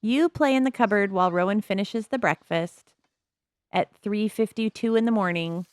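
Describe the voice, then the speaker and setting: A woman chatting casually as she plays a life-simulation game, musing aloud with soft laughs. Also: mid-range voice, normal speed, dry recording. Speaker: gameplay commentator.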